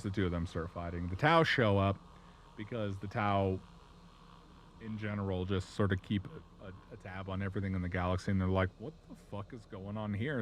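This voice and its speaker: A man's voice: sits low, slight background noise. Profane, rambling man streaming. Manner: profane, rambling, animated storytelling. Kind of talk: casual live-stream chat.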